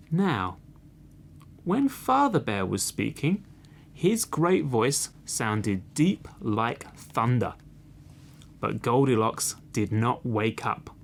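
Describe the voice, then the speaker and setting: Male narrator for a children's tale, very slow, animated pitch, expressive read. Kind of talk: slow storybook reading.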